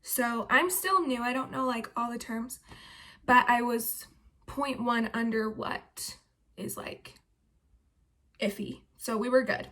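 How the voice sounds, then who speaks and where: A woman's voice: on the high side, slow, fairly bright tone. A young woman vlogging casually about her pregnancy, chatty and full of "like" and "um" fillers. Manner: chatty, filler-heavy with frequent "like" and "um". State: heavily pregnant.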